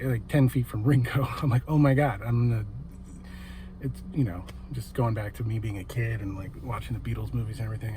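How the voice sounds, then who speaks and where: A man vlogging from his car, out of breath and excitedly rambling through a story with lots of fillers. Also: mid-range voice. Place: parked car. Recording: noisy background.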